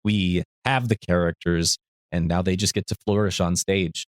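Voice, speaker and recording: A man's voice: low-pitched, normal speed, no echo, studio quality. A man co-hosting a casual podcast, recapping episodes and acting out the characters in silly voices. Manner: lively, acts out characters in silly put-on voices. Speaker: podcast co-host.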